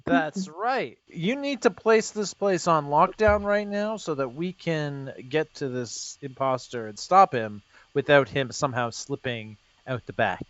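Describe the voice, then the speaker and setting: A man's voice: a little high, lively intonation, a little slow, fairly bright tone, no room sound. A man playing a pompous, stingy male factory boss in a tabletop game, bossy and self-important. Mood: indignant. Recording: dry, dull lo-fi sound.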